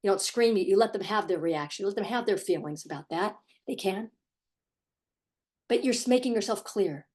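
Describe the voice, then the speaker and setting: A woman's voice: mid-range voice, brisk, a little mellow. A middle-aged woman who works as a parenting coach, giving firm, emphatic advice straight to the camera and often repeating herself. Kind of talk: direct-to-camera advice talk.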